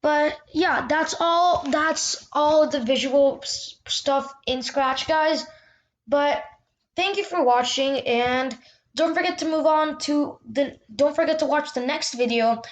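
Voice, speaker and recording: Chatty higher-pitched woman walking through a tutorial. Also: fairly even intonation, unhurried. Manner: chatty, loose, with restarts and "yeah". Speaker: tutorial host. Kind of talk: casual screen-recorded tutorial.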